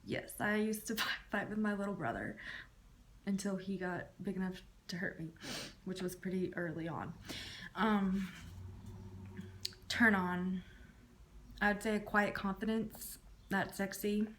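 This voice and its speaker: Unhurried and given to long pauses, a Southern American YouTuber in her thirties speaks at a medium pitch over slight background noise. She handles tag questions casually, with her voice dropping at phrase ends.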